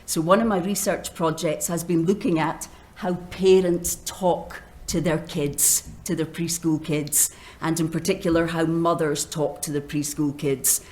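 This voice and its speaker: A Scottish woman from the northeast speaks in a fairly low voice. She presents her research on a panel with humour, adds playful asides, and asks the audience questions directly. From northeast Scotland. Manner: lively and humorous, asking the audience questions. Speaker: sociolinguistics professor on a panel.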